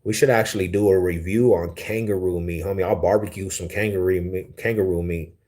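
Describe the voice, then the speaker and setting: A young man from Denver, Colorado, hosts a livestream and chats casually, reading viewer comments aloud in a laid-back, slang-heavy manner that's easily amused. His low voice is a little mellow with a steady tone, and he talks a little fast.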